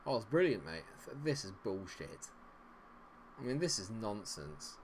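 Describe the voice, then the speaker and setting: A man giving running commentary as a streamer, exasperated and muttering, with loud outbursts. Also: on the low side, very animated, unhurried, slight background noise. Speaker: gaming streamer. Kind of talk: live game commentary.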